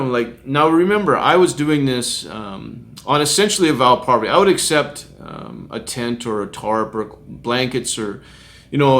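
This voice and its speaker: Chuckling middle-aged street minister. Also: male voice, mid-range voice, a bit bright. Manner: chuckles often while recounting, acts out quoted voices. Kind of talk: storytelling testimony.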